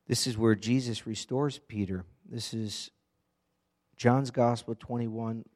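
A man's voice: medium pitch, fairly even intonation, takes it slowly, darkish tone. A man preaching an earnest, conversational sermon, often asking the congregation direct questions. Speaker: pastor.

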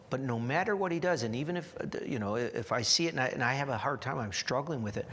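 An earnest male preacher in mid-range pitch works through his points, often restarting phrases before pressing them home. His voice swells with emphasis. A long hall reverb trails every line. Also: a bit bright, slight background noise. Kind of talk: sermon.

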